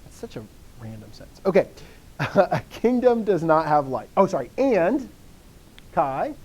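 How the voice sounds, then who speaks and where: During a live online lesson, a Greek teacher with a slightly higher, sing-song voice and a darkish tone works through grammar step by step. He quizzes his students constantly and answers them with quick encouragement.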